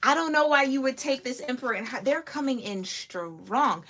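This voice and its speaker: A woman's voice: high-pitched, normal speed, slight background noise. Chatty giggling woman tarot reader. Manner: chatty, giggly, lively asides. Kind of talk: casual tarot reading to camera.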